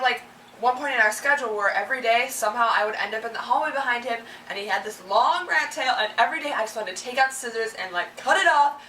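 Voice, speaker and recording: A woman's voice: fairly high pitch, pushed and bright, a little hiss or hum. A young woman vlogger ranting casually and with exasperation about things that annoy her, acting out the people she complains about. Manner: chatty and exasperated, acts out quoted people. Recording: roomy, a little distant from the mic.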